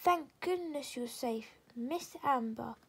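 A woman voicing a polite, formal male frog footman in a storybook reading, with a high, breathy voice. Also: takes it slowly, a bit bright, heavily acted. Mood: pleased. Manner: courteous, formal.

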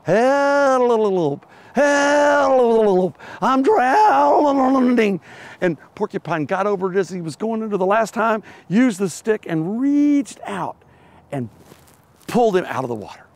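A man's voice: high-pitched, lively intonation, moderate pace, darkish tone. A middle-aged man preaching a sermon, telling a children's animal story with playful voices before turning to its lesson. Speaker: pastor.

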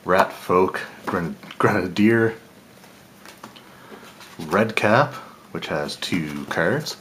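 Unhurried low-voiced male host, casual unboxing chat, faint background hum. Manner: relaxed, thinking aloud, small laughs and self-corrections. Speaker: channel host reviewing game cards.

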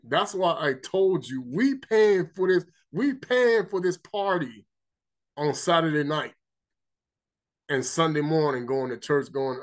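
A man's voice: a little high, animated, slow pace. A man giving an informal spiritual teaching, emphatic and rambling, repeating himself and reading scripture aloud. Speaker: religious teacher.

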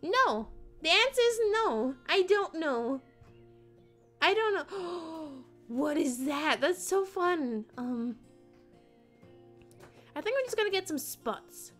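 A woman's voice: extremely high pitch, sing-song, slow, long pauses, a bit bright, faint music behind. A woman streaming a game, chatting playfully with her viewers and giggling often. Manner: playful, giggly, answering chat. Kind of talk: casual live-stream chat while gaming.

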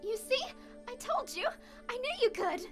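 A woman's voice: very high-pitched, animated, normal speed. Woman voicing a tiny coaxing skeleton kid. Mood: comforting. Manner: coaxing, gentle, persistent. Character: small cheerful skeleton child sibling. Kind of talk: comic fan dub. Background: background music.

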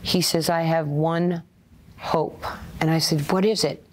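A woman, an interview guest telling animated stories and acting out the voices of other people. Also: deep voice, measured pace, a little hiss or hum. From Brooklyn, USA. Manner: animated, acts out quoted voices. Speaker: interview guest, former player and coach. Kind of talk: storytelling interview.

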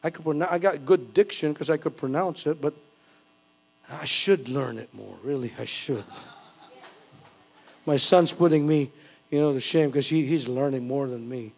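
Gravelly, high-voiced pastor preaching. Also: male voice, moderate pace, pauses often, darkish tone. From Philippines. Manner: conversational, self-deprecating preaching with bursts of fervor. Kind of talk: sermon.

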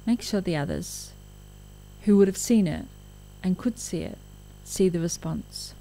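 A woman's voice: on the low side, animated, unhurried, mellow, low-quality recording. A woman giving a recorded lecture, talking frankly and conversationally with asides.

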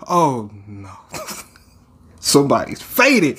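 A man's voice: mid-range voice, animated, measured pace. A man hosting a casual manga reaction, reading panels aloud and reacting with laughs and swearing.

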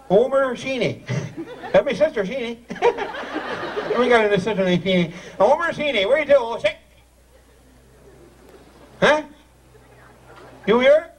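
Through a distant mic above the crowd, with slight background noise, a man with a very high voice cracks jokes and teases as emcee of a live community ceremony. He speaks with a Newfoundland accent in broad dialect.

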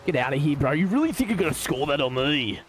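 A man with an Australian accent streaming a car-ball game live, talking to chat and trash-talking opponents in excitable banter. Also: on the high side, fast talker, slight background noise. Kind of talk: live gaming commentary.

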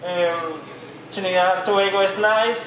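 A woman answers a street interviewer haltingly, with many pauses. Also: medium pitch, steady tone, fairly bright tone. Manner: hesitant, with many pauses and fillers. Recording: distant, echoey, noisy outdoor clip.

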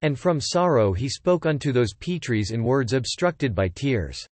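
A man narrating an ancient epic in a measured, formal reading. His pitch moves in a lively, expressive way. The sound is dry and close to the mic. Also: no room sound.

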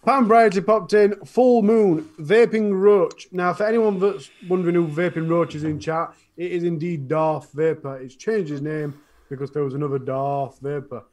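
A man's voice: on the high side, fairly even intonation, normal speed, darkish tone. A man with a Northern English accent reading out viewer comments on a live stream, in an easygoing way. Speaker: co-host reading chat. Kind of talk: casual live-stream chat.

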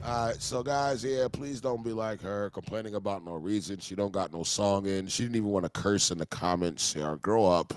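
A man's voice: lowish voice, moderate pace, few pauses, clean tone, dry recording, clean studio sound. A man hosting a live-streamed music review, talking in crude, mocking, joking banter. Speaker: host.

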